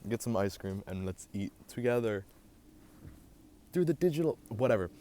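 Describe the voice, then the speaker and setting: A young man hosting a casual storytime vlog, animated and swearing as he gets heated. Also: fairly low pitch, normal speed, slight background noise. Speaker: vlogger host.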